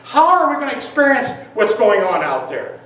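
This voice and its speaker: Speaking at a moderate pace, a lay minister with a somewhat bright, sing-song voice on the high side gives a casual sermon. She addresses the congregation in a church meeting room conversationally, asking them questions. Her words echo through the hall, picked up by a far-off mic.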